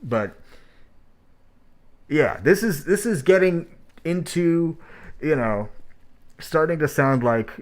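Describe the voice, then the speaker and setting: A man hosting track reviews in casual spoken critique, talking in a blunt, rambling, profane way, his voice muffled by a mask. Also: mid-range voice. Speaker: host reviewing rap tracks.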